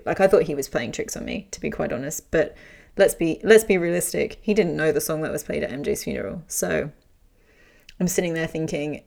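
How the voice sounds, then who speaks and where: Podcast host, woman, low pitch with some vocal fry, frank and animated storyteller. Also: brisk. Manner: frank, animated, swears freely. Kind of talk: casual personal storytelling.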